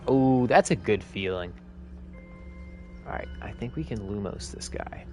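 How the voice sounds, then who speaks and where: A man's voice: fairly low pitch, lively intonation, unhurried, over music. A man chatting casually to viewers while streaming a game, upbeat and rambling. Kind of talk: live game streaming commentary.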